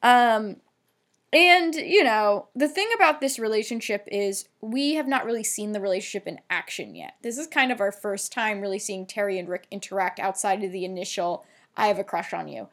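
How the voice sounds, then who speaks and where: A woman's voice: mid-range voice, normal speed, fairly bright tone. A woman co-hosting a podcast, recapping a TV episode in casual, chatty talk with lots of fillers and some swearing. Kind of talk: casual chat.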